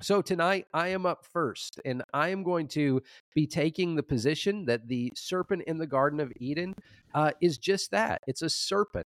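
Measured man presenting a scholarly view. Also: on the high side, a bit bright, no room sound. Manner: measured, restarts with frequent "uh". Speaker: co-host, Old Testament scholar. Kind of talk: presenting a debate position.

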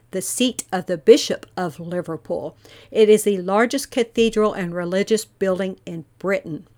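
A woman tells a true-crime story as a podcast host. She talks in an earnest, measured way and keeps turning to rhetorical questions. Her voice sits in a mid range. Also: mid-range voice, darkish tone. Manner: volunteer investigator speaking earnestly.

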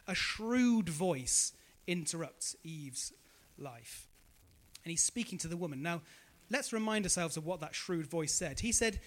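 A male preacher delivers a sermon in a high, bright voice that swoops all over the place. He keeps asking the congregation questions and echoing their answers back.

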